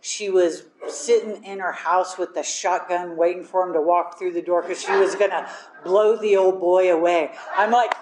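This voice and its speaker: A woman with a low voice gives a candid personal testimony. She pokes fun at herself and laughs often. Her voice rings in an echoey room with a faint hum of ambience behind it. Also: steady tone, moderate pace, few pauses. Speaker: speaker sharing a recovery story.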